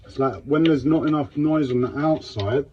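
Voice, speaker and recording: A man's voice: medium pitch, moderate pace, a little mellow, a little hiss or hum. A man talking unscripted on a live stream, in physical pain and distressed, with raw, repetitive speech and heavy swearing. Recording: dull lo-fi live-stream audio.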